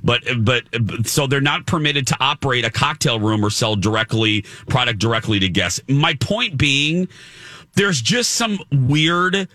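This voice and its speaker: A man's voice: medium pitch, measured pace, sharp tone, no room sound. A man co-hosting a morning radio show, chatting casually with many fillers and self-mocking restarts. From Indiana. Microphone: studio microphone.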